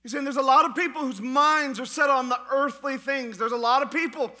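A man preaching a sermon as pastor, with rising shouts and a few sung lines. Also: very high voice, steady tone, fairly quick. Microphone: church podcast recording of a live sermon.

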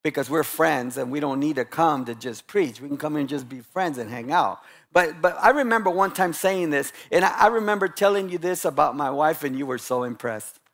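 A man preaching as a guest pastor, animated and a little sarcastic, acting out quotes as he goes. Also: fairly high pitch, fairly quick. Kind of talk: lively sermon.

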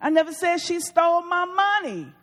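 A woman's voice: very high-pitched, big pitch swings, normal speed, slight background noise. A woman from the congregation reading sentences aloud, stressing a different word each time. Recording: long reverb of a large hall.

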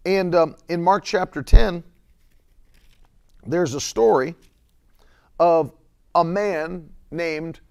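A male preacher delivering a sermon with emphatic, drawn-out phrases, breaking into loud cries when he quotes scripture and laughing between points. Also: a little high, creaky, smooth. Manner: emphatic, stretches words, shouts quotes; laughs between points, reads chat comments.

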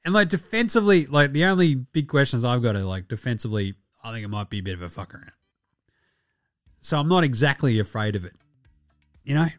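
A man's voice: medium pitch, big pitch swings, a little fast, a bit bright, dry recording, clean studio sound. An Australian man hosting a basketball podcast, in casual, profane and rambling commentary. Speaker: podcast host.

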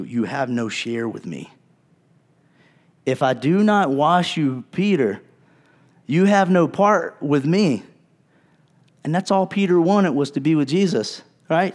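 A male pastor preaching a sermon in a conversational way, acting out the people he quotes and dropping to a low, soft voice for emphasis. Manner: wide swings in loudness, drops low and soft for emphasis.

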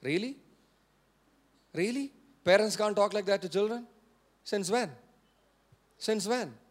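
A man's voice: sits high, a little slow. A male pastor preaching a sermon, repeating key phrases for emphasis and prompting the congregation to answer.

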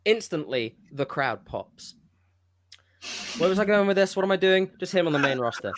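Rambling man pitching wrestling ideas. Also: expressive, normal speed, slight background noise. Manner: rambling, self-interrupting. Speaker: podcast co-host. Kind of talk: casual wrestling fantasy-booking chat.

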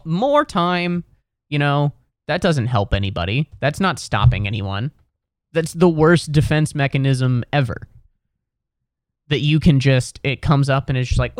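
A man's voice: mid-range voice, a little slow, clean tone, no echo, clean studio sound. A young man sitting at home in a chair, musing aloud in a meandering, wry comedic monologue full of restarts and self-corrections. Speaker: solo vlogger.

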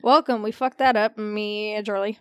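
A woman's voice: medium pitch, steady tone, moderate pace, smooth, no echo, clean studio sound. A woman from Indiana co-hosting a podcast, giggly and playful in casual chat. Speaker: podcast co-host.

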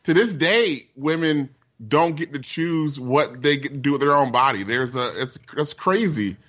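A man's voice: a little high, moderate pace, fairly bright tone, muffled recording. A man co-hosting a casual group chat, rambling emphatically, with frequent restarts and repeated words. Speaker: podcast co-host.

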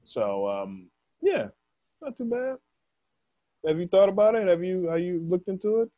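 A man's voice: high voice, sing-song, normal speed. A middle-aged man in casual chat, joking and laughing often with profane slang. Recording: dull lo-fi sound, dry.

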